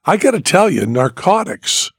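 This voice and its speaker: A man with a gravelly, husky voice tells a story on his podcast, loose and animated, dropping swear words and acting out the people in it. The close mic leaves it dry and up front. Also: high-pitched, moderate pace, no room sound. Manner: animated, profane, acts out quoted voices. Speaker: podcast host. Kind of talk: casual storytelling.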